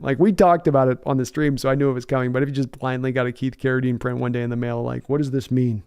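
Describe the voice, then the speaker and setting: A man's voice: medium pitch, level tone, fast, few pauses, a little mellow, clean tone. A man hosting a sports livestream in a casual, enthusiastic and rambling way, often restarting his words. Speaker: sports podcast host reading live chat.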